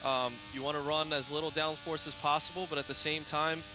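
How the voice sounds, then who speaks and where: Over a noisy background, a man with a fairly high pitch and flat delivery speaks a little fast. As a driver commentating live on a racing game, he hesitates constantly, restarting phrases and filling gaps.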